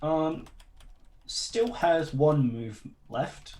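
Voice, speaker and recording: A man running an online tabletop game as game master, explaining rules in a relaxed way with chuckles and fillers. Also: fairly high pitch, extremely slow, low-quality recording.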